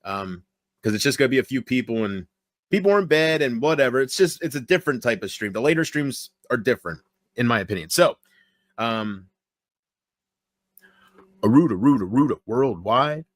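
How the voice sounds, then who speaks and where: Man, mid pitch, streamer on a quiet late-night stream. Low-key, rambling, talks to chat by name. Dry, close sound. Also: moderate pace, pauses often, no room sound. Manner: relaxed, rambling, talks straight to viewers in chat; keeps his voice low on purpose. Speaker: livestreamer.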